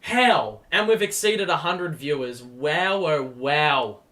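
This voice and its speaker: Excitable Australian man calling a game. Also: a little high, slow pace. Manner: excitable, swears casually, yells at big plays. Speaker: streamer hosting a game watchalong. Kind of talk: live fan play-by-play commentary. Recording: echoey room.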